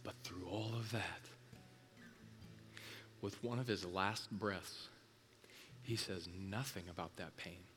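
A male pastor delivering an intense sermon, driving home points with repetition and swinging from loud emphasis to a hush. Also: deep voice, fairly even intonation, slow, long pauses, faint music behind.

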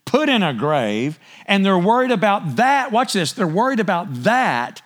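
A man preaching a sermon in a conversational way, often asking his listeners for agreement and clearing his throat. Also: sits high, sing-song, measured pace. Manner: conversational, asks the congregation for agreement. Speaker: pastor.

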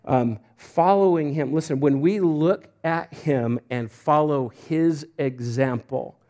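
A man's voice: a little high, slow, dark tone. Chatty self-deprecating male preacher. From Idaho, United States. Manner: conversational preaching with restarts and self-deprecating jokes. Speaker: pastor. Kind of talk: sermon.

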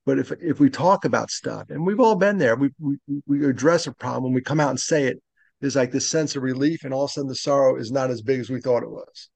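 A man in his late fifties speaks earnestly and reflectively as a podcast guest. His voice has a gravelly edge, and the sound is dry and close. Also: medium pitch, quick pace, a little mellow, dry recording. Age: 50s. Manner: earnest and reflective, speaks openly about loss. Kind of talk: conversational interview.

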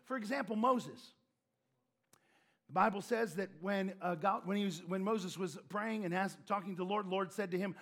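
A man preaching a sermon, telling stories with animated delivery and shouting out lines for emphasis. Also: high voice, normal speed, creaky.

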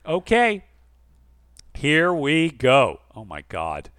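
Animated man reading listener mail. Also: very slow, smooth, no echo. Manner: expressive reader, dropping soft and low for serious letters. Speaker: podcast co-host.

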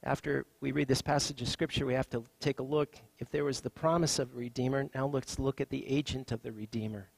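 A man's voice: mid-range voice, fairly even intonation, brisk, vocal fry, few pauses, slightly rough, dry recording, poor audio. A man preaching, reading scripture aloud with dramatic, swelling emphasis before explaining it.

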